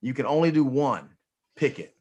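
A man's voice: medium pitch, big pitch swings, normal speed, darkish tone, lo-fi sound. A man hosting a motivational interview, talking emphatically and often repeating words as he starts a thought. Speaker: host.

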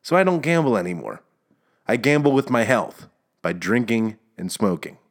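A man's voice: mid-range voice, normal speed. A young man hosting a casual solo podcast, rambling and ranting with frequent chuckles. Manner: animated, ranting, chuckles often. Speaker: podcast host. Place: outdoors or near a window, planes heard passing.

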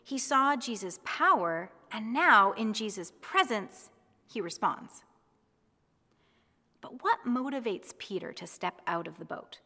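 Woman preacher, reflective devotional tone, clear bright voice. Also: mid-range voice, lively intonation, slow pace, long reverb tail. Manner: gentle, reassuring, reflective. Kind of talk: devotional sermon.

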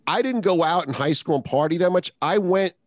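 A man's voice: high voice, animated, a little fast, no room sound. Enthusiastic rambling male guest. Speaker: podcast guest, co-host of another show. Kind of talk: casual podcast chat.

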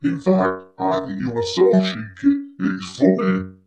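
A man's voice: low-pitched, huge pitch swings, takes it slowly, creaky, loud music behind the voice, exaggerated voice. A man voicing a giggly, polite dragon in a storybook reading. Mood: teasing.

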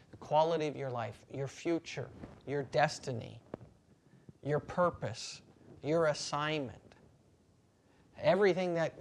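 A man preaching a sermon as pastor, building repetitive lines and slowing down for emphasis. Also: on the high side.

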